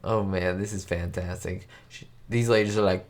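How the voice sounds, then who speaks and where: A man's voice: sits low, steady tone, moderate pace. A man hosting a live stream, reacting to an old comedy with frequent laughter and exclamations and talking straight to his viewers. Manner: giddy, laughs often, exclamatory; chats directly to viewers. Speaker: channel host.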